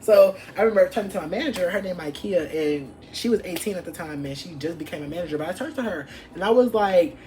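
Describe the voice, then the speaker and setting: Lively young woman telling a profane story. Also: fairly low pitch, fast, few pauses, a little hiss or hum. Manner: animated, profane storytelling with acted-out quotes. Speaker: vlogger. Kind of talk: storytime vlog.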